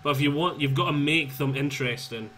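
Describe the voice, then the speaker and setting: A man's voice: fairly high pitch, fairly quick, a bit bright, a little hiss or hum. A man hosting a casual co-op game session, easygoing and chatty about game lore. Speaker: gamer, channel host. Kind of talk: casual co-op gaming chat.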